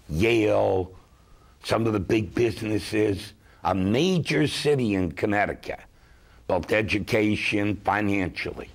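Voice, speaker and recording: A man's voice: on the low side, gravelly. A middle-aged man, a consumer advocate telling emphatic stories on a talk show. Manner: slow, emphatic, lively storyteller. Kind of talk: storytelling talk-show chat.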